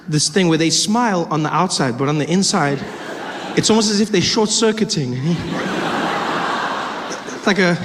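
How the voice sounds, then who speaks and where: A man doing stand-up storytelling, acting out characters with shifting voices. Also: a little high. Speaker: stand-up comedian. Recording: live hall, reverb and noise.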